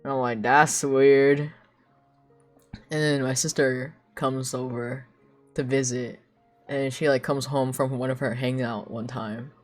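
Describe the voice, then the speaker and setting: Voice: medium pitch, fairly even intonation, a little slow, faint music behind. A young adult streamer chatting casually while drawing, telling gossip, acting out what others said with gasps and lots of fillers. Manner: gossipy storytelling, acting out quoted people with gasps; filler-heavy, many "like"s. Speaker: live streamer.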